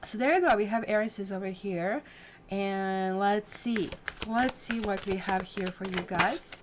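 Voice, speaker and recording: A woman reads tarot cards on a casual livestream, chatting at length and speaking straight to her viewers. Her voice sits at an ordinary middle pitch. A faint hum of room sound stays behind her. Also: measured pace. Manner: chatty and rambling, addresses viewers directly; reacts to viewer comments. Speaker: tarot reader.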